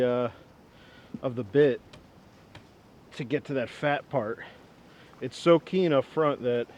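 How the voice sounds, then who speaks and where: A young man in his twenties talks outdoors in a rambling, self-mocking way, his voice at a middle pitch. The audio is slightly dull, with a faint rumble of wind behind him. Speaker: woodworking vlogger. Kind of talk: casual outdoor demo chat.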